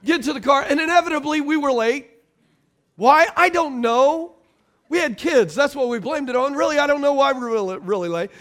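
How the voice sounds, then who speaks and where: Here a middle-aged man gives a sermon as pastor, swinging from loud to quiet while addressing the congregation directly. His voice is very high-pitched, expressive and brisk.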